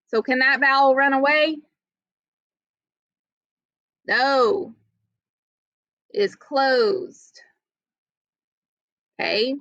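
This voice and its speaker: Bright-voiced woman teaching a reading lesson. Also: high-pitched, no echo. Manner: patient, step-by-step explaining with frequent "okay?" checks. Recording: dull lo-fi audio.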